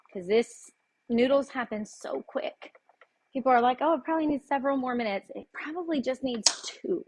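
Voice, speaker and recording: A woman hosting a casual cooking demonstration in her home kitchen, chatty and folksy, often laughing and talking straight to her viewers. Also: fairly high pitch. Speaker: cooking show host.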